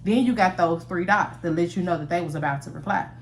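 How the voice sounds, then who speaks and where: A woman's voice: lowish voice, fast talker, a little hiss or hum. A woman storyteller giving a casual, chatty storytime narration straight to the camera, swearing freely as she talks to viewers. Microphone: camera mic, recorded to camera.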